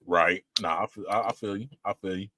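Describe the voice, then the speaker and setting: A man co-hosting a podcast in casual chat, animated and slangy, laughing often. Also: low-pitched, a little fast. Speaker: podcast co-host.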